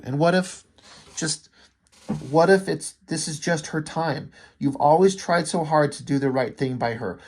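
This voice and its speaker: A man's voice: a little high, darkish tone, natural voice. A man reading out the lines of an anguished young wife from a comic book in his own plain voice. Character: anguished young adult woman, wife in pain.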